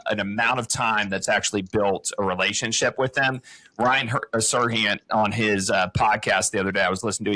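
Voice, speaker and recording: A man's voice: fairly low pitch, bright, forceful tone, rough recording. A man co-hosting a podcast, giving encouraging coaching advice in an easy explaining way. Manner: encouraging, explains with "it's like" and "uh" fillers. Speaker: podcast co-host.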